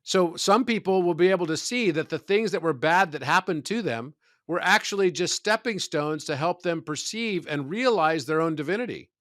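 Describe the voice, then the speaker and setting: A man who is a podcast guest, talking in a measured, reflective way about spiritual ideas and telling stories. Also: fairly high pitch, expressive, a bit bright, no echo, clean studio sound. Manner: measured, storytelling, philosophical.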